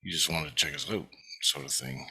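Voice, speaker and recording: A man's voice: very deep voice, brisk, gravelly, sharp tone, slightly rough. A man casually recounting a vivid dream, swearing freely and using lots of fillers. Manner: profane, vivid, full of fillers. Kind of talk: casual spoken story.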